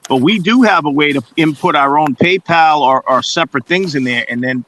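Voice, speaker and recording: A man's voice: fairly high pitch, a little fast, a bit bright, slight background noise. A man co-hosting a casual talk show, arguing earnestly with everyday examples. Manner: earnest, argues with hypothetical examples and acted quotes. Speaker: podcast co-host. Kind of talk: casual chat.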